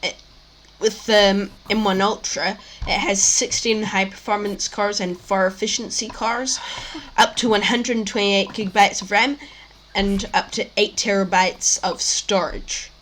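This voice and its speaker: A woman's voice: medium pitch, fairly even intonation, a little slow, fairly bright tone, a little hiss or hum. Young woman host rambling thru tech news, lots of ums and restarts, dry mouth. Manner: rambling, many fillers and restarts. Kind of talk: casual tech chat.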